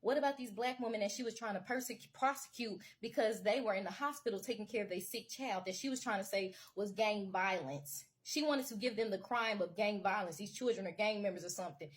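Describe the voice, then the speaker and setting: A woman's voice: mid-range voice, brisk. A woman commentator delivering an impassioned political rant to camera. She talks emphatically and repetitively in casual everyday speech, urging her listeners again and again to wake up. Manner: casual vernacular with lots of y'all.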